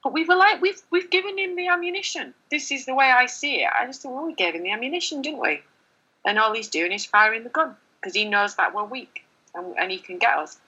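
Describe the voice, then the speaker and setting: Middle-aged female journalist, interview guest; bright, slightly husky voice, candid and animated delivery. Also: a little high, brisk, lo-fi sound. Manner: candid and animated, many fillers and restarts. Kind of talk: conversational interview.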